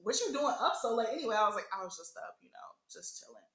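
A young adult woman hosting a podcast, telling a profane story in casual chat, animated and laughing often. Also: a little high, quick pace, roomy sound. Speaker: podcast host.

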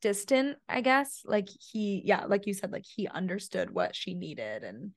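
A woman's voice: mid-range voice, very animated, unhurried, dry recording, clean studio sound. A young woman chatting on a book podcast, gushing affectionately about a character. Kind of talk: casual book-podcast chat.

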